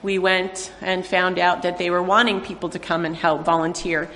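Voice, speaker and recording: A woman, a missionary, speaks to a church congregation in a halting way, with many fillers. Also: fairly low pitch, level tone, fairly bright tone. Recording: long reverb of a large hall.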